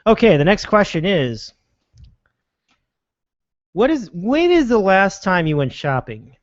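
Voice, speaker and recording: A man's voice: high-pitched, slow, no room sound, lo-fi sound. A man hosting a casual sports podcast, often restarting his words as he chats. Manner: hesitant, repeats words, animated. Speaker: podcast host.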